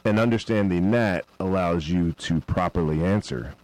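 A man hosting a casual commentary, talking in a relaxed, rambling way before playing clips. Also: low voice, moderate pace, low-quality recording. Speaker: host introducing clips.

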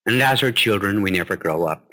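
A man preaching a sermon. He tells a story with gentle humor and recites tender verse. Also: lowish voice, lively intonation, brisk.

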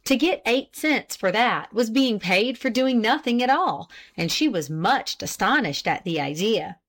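A woman reading a story aloud as narrator, measured and expressive. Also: fairly high pitch. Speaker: audiobook reader. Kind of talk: scripted narration.

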